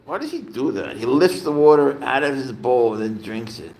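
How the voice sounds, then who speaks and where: A man's voice: mid-range voice, very animated, normal speed, a little mellow. Rambling, easygoing man on a livestream. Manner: rambling, easygoing, chats with viewers. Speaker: livestream host and pet owner. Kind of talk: casual livestream chat, reading viewer comments.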